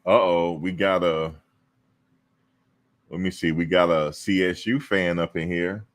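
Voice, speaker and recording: Deep-voiced man hosting a live stream. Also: a little slow. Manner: animated, teasing, talks to viewers and chat. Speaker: show host. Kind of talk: casual live-stream chat.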